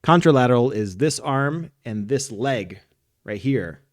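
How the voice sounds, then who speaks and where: A soccer coach co-hosting a podcast explains technique and demonstrates it in a casual, instructional style. His mid-range voice has lively intonation and an unhurried pace, recorded in clean studio quality with no echo.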